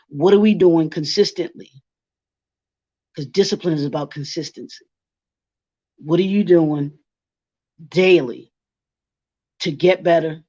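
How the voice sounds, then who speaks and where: A man's voice: on the high side, a little slow, long pauses, mellow, dry recording. Man presenting with repeated rhetorical questions. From Baltimore. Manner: repeats rhetorical questions, restates each point. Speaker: workshop presenter. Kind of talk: workshop presentation. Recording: dull, dry lo-fi recording.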